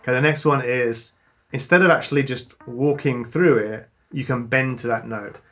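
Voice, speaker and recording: A man giving a casual guitar lesson, relaxed and enthusiastic, pausing to play between phrases. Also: medium pitch. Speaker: guitar teacher. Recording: clean guitar loud behind. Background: guitar playing.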